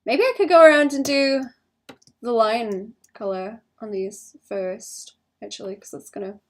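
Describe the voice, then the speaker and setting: A woman's voice: fairly high pitch, measured pace. Young woman rambling while she draws. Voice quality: vocal fry. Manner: thinks out loud, rambling and self-conscious. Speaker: illustrator streaming her drawing. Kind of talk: casual livestream chat while drawing.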